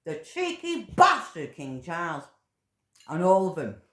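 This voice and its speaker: A woman ranting to camera, swearing heavily and rambling as she grows loud and heated. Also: on the low side, huge pitch swings, measured pace. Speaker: vlogger. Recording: echoey room.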